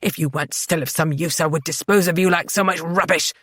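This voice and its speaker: A woman voicing a burly, furious middle-aged uncle who shouts harsh threats. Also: deep voice, a little fast, dry recording, studio quality.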